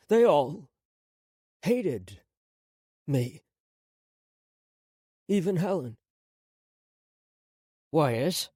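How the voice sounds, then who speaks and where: Slow dramatic male audiobook narrator. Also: medium pitch, mellow, dry recording, studio quality. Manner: slow, dramatic first-person telling.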